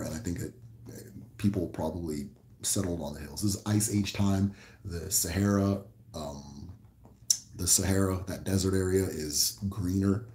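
Low-voiced and recorded in an echoey room, this Midwestern American man runs a laid-back livestream. He fields viewer questions loosely, rambling with plenty of filler words and restarted sentences.

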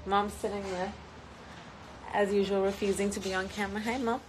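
A woman's voice: mid-range voice, little pitch movement, a little fast, slight background noise, rough recording. A woman chatting casually on a live stream, reading out viewer comments and mixing English with Hindi, with frequent ums. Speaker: singer hosting a live stream. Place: outdoors in sunny Goa.

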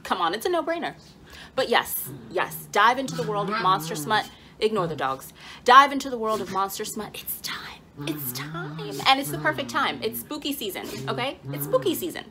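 A woman hosting a casual book vlog at home, playful and animated, often laughing and dropping into stage whispers. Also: a little high, brisk, crowd noise. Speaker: book vlogger. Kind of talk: excited casual vlog announcement. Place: home, with dogs nearby.

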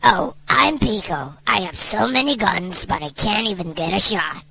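A woman doing an impression of an edgy, gun-toting teenage boy from a cartoon game, dropping to a lower, gravelly voice. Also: lively intonation, normal speed, bright, forceful tone, exaggerated voice. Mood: deadpan edgy.

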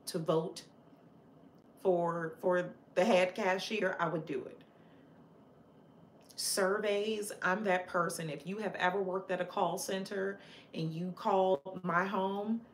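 A woman chats live with her viewers in a somewhat low voice, taking her time over each thought. She speaks with passion and firm opinions, and her talk is loose and chatty, full of fillers and restarts. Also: fairly bright tone, roomy sound, slight background noise. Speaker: livestream host chatting with viewers. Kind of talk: casual live chat.

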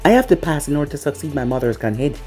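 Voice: medium pitch, expressive, rapid-fire, mellow, faint music behind, lightly acted. Narrator doing a cocky young ninja guy. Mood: brash. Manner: brash, teasing.

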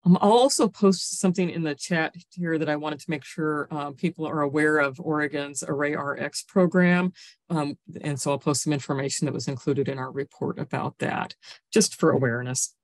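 A woman presenting findings in a webinar over a video call, steady, with occasional fillers. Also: deep voice, normal speed, no room sound.

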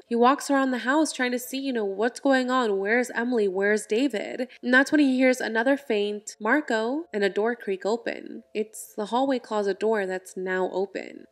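A woman narrating a movie's plot in a casual, conversational retelling. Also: medium pitch.

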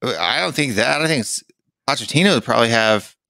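A young adult man co-hosts a podcast in casual chat, sounding exasperated and rambling with plenty of fillers. His mid-range voice is animated, brisk, and sharp, with vocal fry. The studio recording is clean and echo-free.

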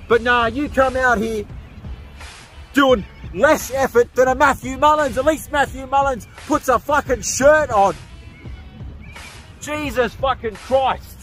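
A man giving a profane, berating wrestling promo as a wrestler, shouting at times. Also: very high voice.

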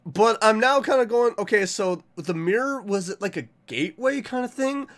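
Excitable man thinking aloud over a game. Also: moderate pace. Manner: thinks aloud, bursts into high-pitched confused panic. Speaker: game streamer. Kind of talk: let's play commentary.

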